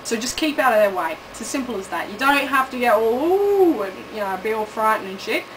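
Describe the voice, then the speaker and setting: An Australian woman rants in a sarcastic, profanity-laced comic monologue, often taking back what she has just said. Her voice sits a little high and comes from some way off the mic, with clear background noise. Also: animated, fast, pushed and bright, distant mic, poor audio. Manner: sweary, sarcastic, self-correcting ranting. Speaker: comic vlogger.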